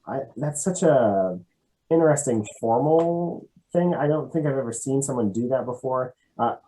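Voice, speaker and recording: Mellow-voiced male interview host. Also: medium pitch, normal speed, poor audio. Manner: friendly, stammers on restarts. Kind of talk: casual interview.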